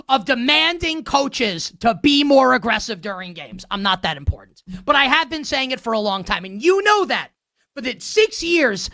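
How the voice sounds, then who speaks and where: A woman's voice: sits high, bright, forceful tone, no echo, studio quality. A woman hosting a sports show, ranting with heated sarcasm.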